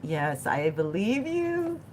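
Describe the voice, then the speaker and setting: Chatty, animated woman reading tarot live. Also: medium pitch, slow pace, slight background noise. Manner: animated and chatty, talks to the chat, laughs often, loses her thread. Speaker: tarot reader.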